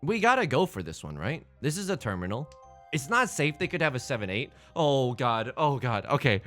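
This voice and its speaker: An excitable young man commentating his own game, joking as he plays. His voice moves in a lively way, from sudden loud outbursts to quiet grumbling. Faint music plays behind him. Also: medium pitch, normal speed. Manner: excitable, jokey, swings from shouting to muttering. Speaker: let's play host.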